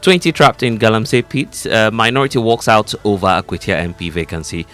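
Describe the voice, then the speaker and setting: A man with a Ghanaian accent co-hosting a radio show, reading newspaper headlines briskly with fillers. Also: lowish voice, fairly bright tone, soft background music. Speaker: radio co-host. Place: radio studio.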